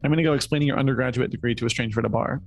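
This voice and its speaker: A man's voice: medium pitch, very fast, faint music behind. A man co-hosting a comedy podcast, playful and laughing often in casual chat. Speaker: podcast co-host.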